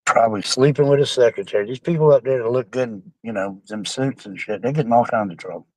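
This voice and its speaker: A man's voice: medium pitch, fast, dry recording, rough recording. A man chatting casually and rambling with his viewers on a live stream, sounding like he has a bad cold. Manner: rambling, salty, joking.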